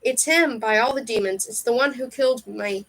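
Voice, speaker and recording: A woman reading aloud, voicing a male spirit that speaks inside a warrior's head, growling and excitable. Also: on the high side, normal speed. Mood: agitated.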